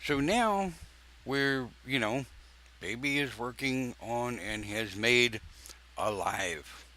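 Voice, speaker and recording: An older man preaches in a loose, joking way on a live stream, his croaky voice bright and forward. He takes his time, stretching words out between asides. A faint hiss of noise sits under the recording. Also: mid-range voice, animated. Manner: folksy, joking asides, drawn-out pauses. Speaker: pagan minister. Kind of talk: informal live-stream sermon.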